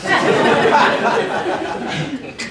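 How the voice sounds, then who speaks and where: A man's voice: very high-pitched, very slow, over a noisy crowd. A man from Brooklyn with a New York accent doing loose, profane stand-up comedy. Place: comedy club stage. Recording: echoey club, distant mic, noisy.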